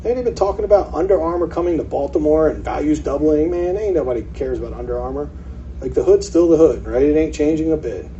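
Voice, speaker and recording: A man's voice: on the high side, fast. A man giving a casual seminar talk to a meetup, acting out what sellers say. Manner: animated, acts out quoted sellers. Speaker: meetup presenter. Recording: distant mic, dull lo-fi sound, faint hiss.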